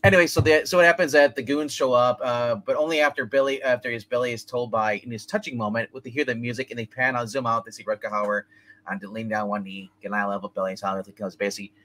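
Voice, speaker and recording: A man's voice: mid-range voice, steady tone, fast, a bit bright. A man hosting a movie review podcast, rambling through a plot recap with lots of fillers and laughs. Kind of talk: casual chat.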